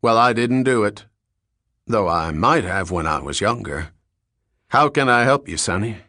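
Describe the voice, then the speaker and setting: Guy doing a folksy old sailor watchman, slow and teasing, dry sound. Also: fairly low pitch, animated, sharp tone, no room sound. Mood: wry. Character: old sprightly retired sailor night watchman.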